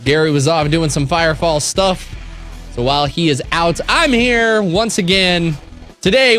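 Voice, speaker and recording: A man hosting a casual gaming show, chatty and animated, with quick asides. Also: sits high. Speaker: stand-in host.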